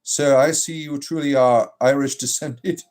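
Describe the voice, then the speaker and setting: Speaking a little slowly in a darkish mid-range voice with fairly even intonation, a man plays a druid bard on a casual livestream. He reads chat messages, jokes in reply, and blesses his viewers.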